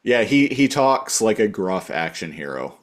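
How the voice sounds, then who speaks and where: A man's voice: on the low side, very animated, measured pace. A man co-hosting a casual review podcast, recapping plot in a rambling way with lots of fillers. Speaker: podcast co-host.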